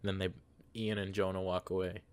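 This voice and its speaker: A man's voice: low voice, little pitch movement, normal speed, clear, resonant tone, no echo. A man hosting, goofily rambling through an improvised comedy story with a friend. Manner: goofy, rambling, lots of fillers. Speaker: host.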